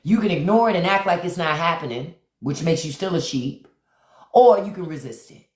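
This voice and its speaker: A woman's voice: fairly low pitch, animated, normal speed, a little mellow. Blunt preachy woman livestreaming in echoey room. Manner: blunt, preachy, repeats lines for emphasis, greets viewers. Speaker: live stream host. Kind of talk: livestream commentary.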